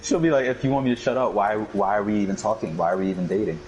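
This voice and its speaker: A man's voice: on the low side, animated, racing, a crowd in the background, poor audio. A man in casual chat, laid-back and slangy, retelling conversations line by line. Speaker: podcast co-host.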